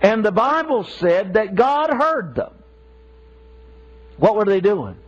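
A man's voice: high-pitched, very animated, slow, faint music behind. A man preaching a sermon with passion, repeating himself for emphasis. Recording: dull lo-fi sermon recording.

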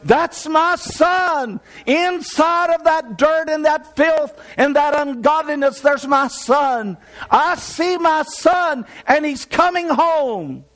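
A man's voice: very high voice, a bit bright, pitched above the performer's own voice, heavily acted. A man voicing a joyful father who cries out as he welcomes his lost son home, within a sermon. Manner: crying out, drawn-out joyful exclamations.

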